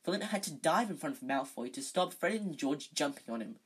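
Casual amateur narrator, husky, mid pitch, frequent slips. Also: expressive, normal speed. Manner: stumbling, self-correcting reading. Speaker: amateur reader. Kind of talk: casual read-aloud of a novel.

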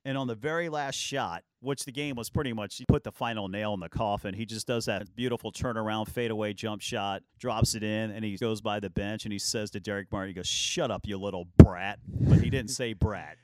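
A man with a low voice hosts a casual sports talk show. He tells lively anecdotes and acts out the lines of the people in them. His recording is dry and close. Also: a little fast, hardly any pauses, dry recording.

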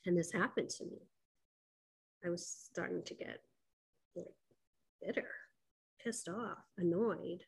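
A woman's voice: lowish voice, slow pace, vocal fry, long pauses, husky, low-quality recording. A middle-aged woman telling a personal spiritual story, candid and emphatic, with fillers and quoted dialogue.

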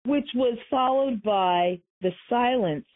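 Husky-voiced woman hosting over a phone line. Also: a little high, slow. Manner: emphatic, repeats key points. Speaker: talk show host. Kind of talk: conversational commentary. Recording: tinny phone-line sound.

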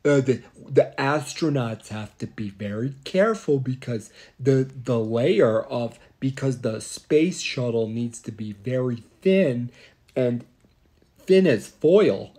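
A man putting on a rambling older male astronaut who talks slowly and keeps repeating words. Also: mid-range voice, lively intonation, mellow. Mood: dreamy. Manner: slow, halting, repeats words.

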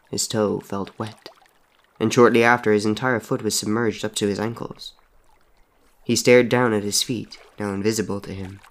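Low-voiced man narrating a story.

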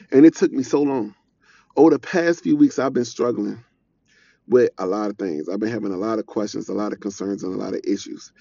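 A man's voice: medium pitch, a little mellow, no room sound, highs cut off. A young man giving an informal, earnest preaching talk, conversational and repeating his points. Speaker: devotional speaker.

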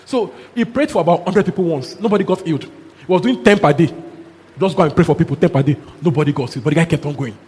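A man preaching a sermon, telling a story in an animated way with chuckles and local exclamations. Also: fairly high pitch, quick pace, slightly rough. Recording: long hall reverb, faint background noise.

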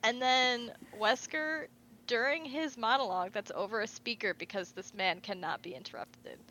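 A woman co-hosting a casual fan podcast, retelling game scenes in an animated way and quoting the characters. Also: on the high side, moderate pace, slight background noise, poor audio. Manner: animated storytelling, quotes characters in asides. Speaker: podcast co-host.

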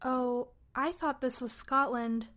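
A woman's voice: high voice, steady tone, takes it slowly, a bit bright. A woman co-host in a comedy sketch, playing a cheerfully clueless tour guide. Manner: playfully clueless.

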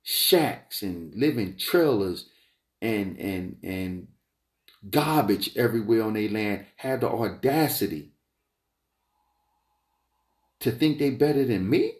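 A man giving a rambling opinion monologue, emphatic and repetitive, wandering off on tangents and climbing high in pitch when he gets heated. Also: lively intonation, slow pace, pauses often. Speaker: entrepreneur vlogger. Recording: roomy echo.

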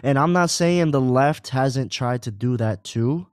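Profane, animated male podcast co-host. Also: mid-range voice, measured pace, clear, resonant tone, no echo, clean studio sound. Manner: profane, animated, frequent fillers. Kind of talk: casual political chat.

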